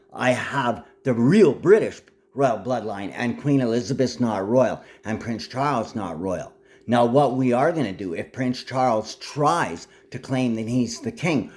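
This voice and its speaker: A man giving a rambling, declamatory monologue to camera, his loudness swinging up and down. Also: fairly low pitch. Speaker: self-styled address speaker.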